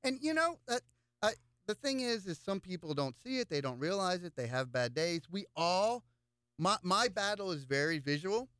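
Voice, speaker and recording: Man, political candidate, chatty storyteller, smooth voice, dry studio sound. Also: sits high, normal speed, dry recording. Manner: animated storyteller with frequent repeated words. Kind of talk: casual interview chat, storytelling.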